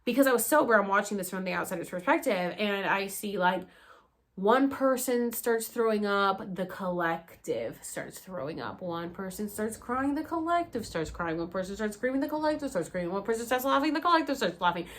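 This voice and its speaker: A young woman vlogger telling a personal story in a casual, animated way, swearing freely and acting out what other people said. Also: mid-range voice, fast talker, few pauses.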